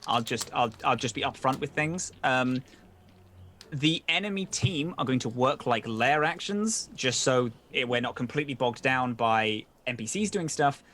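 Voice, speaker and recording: A man narrating as game master in a tabletop game, casual and loose, swearing freely and filling pauses with ums. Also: mid-range voice, expressive, a bit bright, slight background noise.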